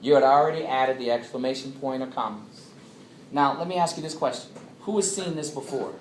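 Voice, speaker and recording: A man giving an animated talk to a live audience in a coffeehouse, drawing answers from the listeners. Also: medium pitch, fairly quick, slight background noise. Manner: animated, draws answers from the crowd. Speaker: speaker. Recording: echoey room with loud ambience.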